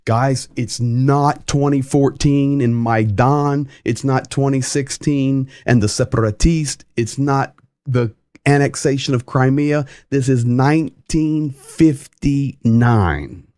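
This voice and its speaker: Man, livestream host, slow delivery, medium pitch, chatty, reads comments aloud, dry sound. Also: steady tone, darkish tone, no room sound.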